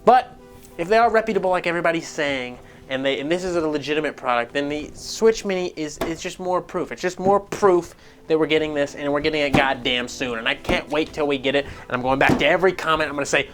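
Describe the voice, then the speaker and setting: Profane, excitable man ranting about games. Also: fairly high pitch, a little fast, faint music behind. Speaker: gaming news host. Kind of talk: casual ranting commentary.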